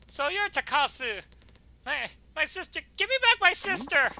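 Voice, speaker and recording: Eager young boy, voiced by a man, bright and stammering, a slight hiss behind. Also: extremely high pitch, big pitch swings, normal speed, vocal fry, voice pushed up, exaggerated voice. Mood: desperate. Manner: stammering, pleading. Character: earnest, excitable young boy.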